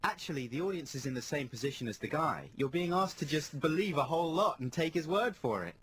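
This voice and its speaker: A man co-hosting a radio show in a studio, telling stories in casual, animated banter. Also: fairly high pitch, fast, husky. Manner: animated storytelling with lively shifts in tone. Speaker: radio co-host. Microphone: studio microphone.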